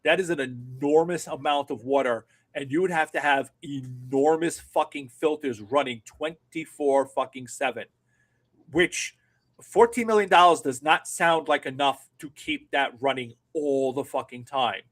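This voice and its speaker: A man's voice: medium pitch, a little slow, a bit bright. A middle-aged man co-hosting a political talk show, ranting sarcastically and swearing often. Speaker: political podcast co-host. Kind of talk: casual political commentary.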